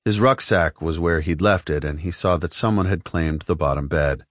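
A man reading an adventure novel aloud as the audiobook narrator, in an expressive storytelling manner. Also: low-pitched, normal speed, no echo, clean studio sound. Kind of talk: scripted narration.

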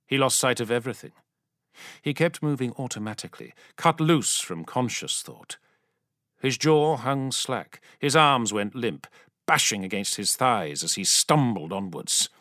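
Expressive male audiobook narrator. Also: mid-range voice, no echo, studio quality. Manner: dramatic, expressive. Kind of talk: scripted dramatic narration.

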